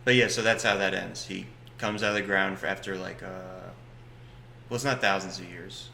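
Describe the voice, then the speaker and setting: A male stand-up comic co-hosting a podcast, joking and riffing in loose banter. His voice is lowish and bright, with a forceful edge. The room is echoey and has a faint hiss. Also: steady tone, brisk, gravelly. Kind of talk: casual comedic chat.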